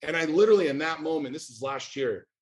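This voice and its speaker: A man's voice: fairly high pitch, fast talker, darkish tone. Blunt, profane man in his forties. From United States. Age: 40s. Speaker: podcast guest. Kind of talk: casual chat.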